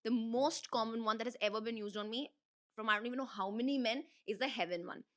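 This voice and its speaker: A young woman with an Indian English accent, a guest in a casual interview, chatty and animated with a slightly hoarse throat, laughing and restarting her sentences. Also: a little high, fast. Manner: giggly, animated, full of fillers and restarts. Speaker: interview guest, dancer and creator. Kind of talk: casual rapid-fire interview chat.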